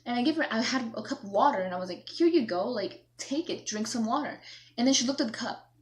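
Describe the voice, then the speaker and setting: A woman's voice: a little high, expressive, fast talker. Rambling young woman vlogger. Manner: rambling, self-mocking, quoting herself and her mom. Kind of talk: casual storytelling to camera.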